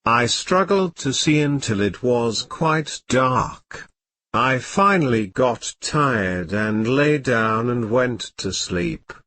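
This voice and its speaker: Slow synthetic male audiobook narrator. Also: medium pitch. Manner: slow, even synthetic reading. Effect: computer-generated voice.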